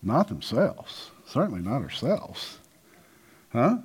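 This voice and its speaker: Male pastor, energetic sermon delivery, high and swooping voice, acts out Bible voices. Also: a little slow. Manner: animated, calls out to the congregation, acts out voices of Bible figures.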